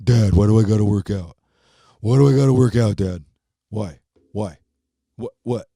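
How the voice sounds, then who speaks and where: A man's voice: lowish voice, normal speed, vocal fry, mellow, dry recording, clean studio sound. A man imitating his moody teenage son, whining and repeating himself in an exasperated tone. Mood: whiny. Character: moody whiny teenage boy, the speaker's son.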